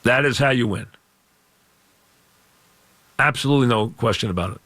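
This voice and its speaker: A middle-aged man with a scratchy voice, hosting a call-in sports radio show and ranting loudly with lots of repetition. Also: mid-range voice, moderate pace, no echo. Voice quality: gravelly, scratchy voice. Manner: loud, emphatic, repeats points. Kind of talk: call-in talk radio rant. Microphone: studio microphone.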